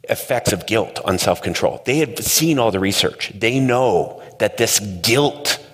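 A man telling a story in a conversational, animated way during a talk. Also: on the low side, husky. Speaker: speaker. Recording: long hall reverb.

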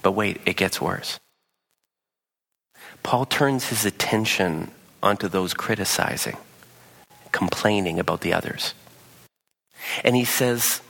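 A man's voice: low-pitched, creaky, a bit bright, slightly rough, long reverb tail. A man preaching a sermon, telling the story with animation and acting out the quotes himself. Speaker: pastor.

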